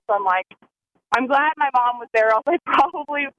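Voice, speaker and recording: Young woman, high voice, excitable, casual storytelling, lots of filler. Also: normal speed, dry recording, low-quality recording. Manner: excitable, many "like"s.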